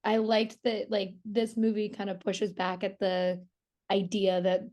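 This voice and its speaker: Fast, chatty woman interviewer. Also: medium pitch, little pitch movement, a little mellow. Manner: fast, chatty, full of "like" and quoted asides. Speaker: entertainment interviewer. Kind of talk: casual interview chat.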